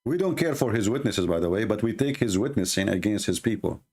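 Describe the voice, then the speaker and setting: Speaking with an Arabic accent, a man whose first language is Arabic hosts a live debate show. His voice is on the low side, husky and a little mellow with lively intonation, and he argues emphatically, repeating phrases and slowing down to stress points.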